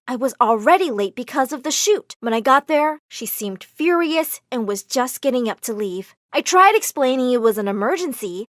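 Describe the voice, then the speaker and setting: A woman narrating an animated story in first person, expressive and dramatic. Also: sits high, no room sound, clean studio sound.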